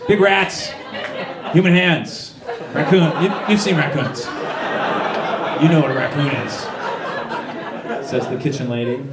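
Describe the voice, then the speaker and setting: Male comedian, roomy live club sound. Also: mid-range voice. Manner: halting, rambling delivery with frequent restarts. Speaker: stand-up comedian. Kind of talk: stand-up comedy set. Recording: roomy live club, distant mic, crowd noise.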